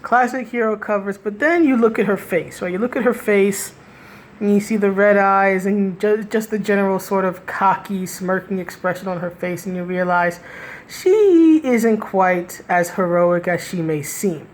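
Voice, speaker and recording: A woman's voice: mid-range voice, normal speed. A woman giving a casual, critical spoken review, rambling with restarts and frequent "right?" asides, with a sardonic edge. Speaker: comic book reviewer.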